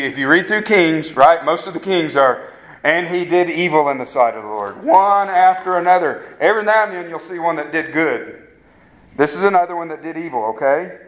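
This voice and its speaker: A man's voice: a little high, fairly bright tone, rough recording. A man preaching a sermon as pastor, earnest and emphatic, often checking in with the congregation and restarting his words. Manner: repeats words when starting sentences.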